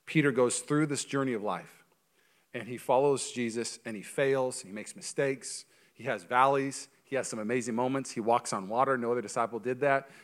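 A male pastor preaching a sermon in a church, animated and joking, with quick asides. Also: mid-range voice.

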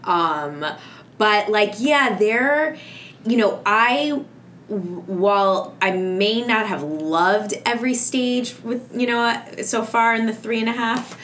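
A woman's voice: a little high, slow pace, fairly bright tone, a little hiss or hum. A woman, a mother of two, talking casually about parenting and rambling with lots of fillers and restarts.

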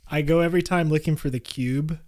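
A man co-hosting a podcast in casual chat, easygoing and quick to laugh, with dry humor. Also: fairly high pitch, fairly even intonation, crowd noise. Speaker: podcast co-host.

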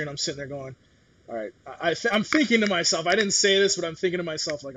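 A man's voice: fairly high pitch, fast, a bit bright, slight background noise. A middle-aged man in casual chat, talking bluntly with swearing and acting out what others said. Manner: blunt, swears, acts out quotes.

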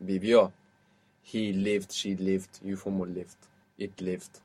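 A man's voice: sits low, flat delivery, takes it slowly, a little mellow, breathy edge. A man teaching a language lesson, patiently asking questions and explaining rules step by step.

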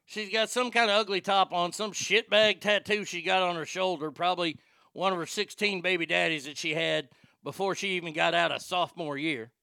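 A man's voice: sits high, fairly even intonation, brisk, gravelly, bright, forceful tone, clear, resonant tone, no echo, studio quality. A man telling a crude, rambling, mocking story in a casual rant. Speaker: storyteller and prank caller.

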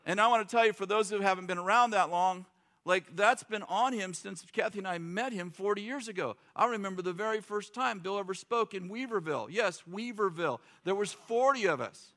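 A man's voice: sits high, fairly quick, a bit bright. A middle-aged man preaching a sermon in a loose, joking, conversational way, acting out quotes. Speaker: pastor.

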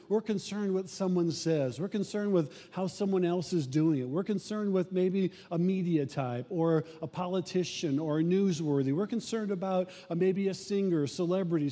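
A man's voice: sits high, dark tone. A male pastor preaching a sermon in an emphatic, repetitive preaching cadence. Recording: reverberant room sound.

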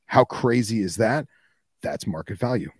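Low husky guy arguing his point on a podcast, dry close mic. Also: animated, normal speed, no echo. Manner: argumentative, acts out quotes from others. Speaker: podcast co-host. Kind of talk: casual chat.

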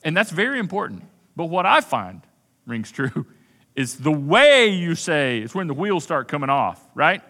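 A man's voice: a little high, sing-song, measured pace, pushed and bright. A man preaching a sermon as pastor, conversational and emphatic, repeating key phrases and acting out quoted asides. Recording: long hall reverb.

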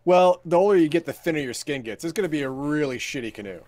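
A man sits in on a casual chat and answers in short, dry remarks. He talks fast and his voice sits a little high for a man. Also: expressive, a little mellow.

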